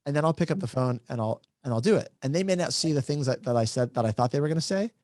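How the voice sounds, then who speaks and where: Guy moderating, talks fast, explains w examples, keeps saying right?, dry close mic. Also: medium pitch, expressive, darkish tone, dry recording. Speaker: moderator, real estate agent. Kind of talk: casual discussion.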